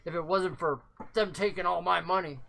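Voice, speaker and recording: A game master voicing a gruff, broke male half-orc shipwright who grumbles and complains in a tabletop game. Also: mid-range voice, bright, forceful tone. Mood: boastful. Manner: grumbling, quick to complain, bursts into roaring laughter.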